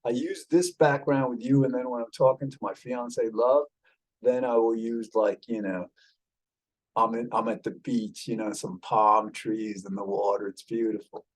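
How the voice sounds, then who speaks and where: A man's voice: mid-range voice, steady tone, moderate pace, low-quality recording. A man speaking in a put-on British accent, chatting casually and rambling with many fillers while calling his listener mate, over a video call. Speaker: show host talking with an AI companion. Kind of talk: casual chat.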